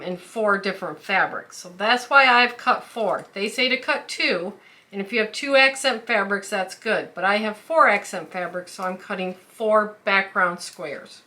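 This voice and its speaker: A woman's voice: medium pitch, sharp tone. A woman hosting a quilting tutorial who explains each step carefully, with the odd filler. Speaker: quilting channel host. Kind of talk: craft tutorial.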